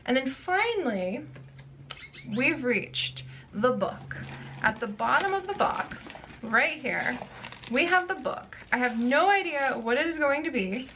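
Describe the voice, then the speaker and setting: A young woman with a high, bright-pitched voice talks casually as she unboxes books, gushing and exclaiming over every item. A faint hiss of background noise sits under her voice. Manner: gushing, excitable, quick to exclaim. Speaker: book unboxing vlogger.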